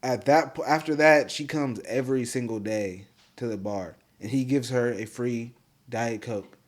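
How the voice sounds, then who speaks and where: A man chatting casually on a podcast, retelling a story in a loose, slangy way. His voice sits at an ordinary middle pitch and he leans on fillers as he goes. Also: measured pace. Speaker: podcast co-host. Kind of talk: casual chat.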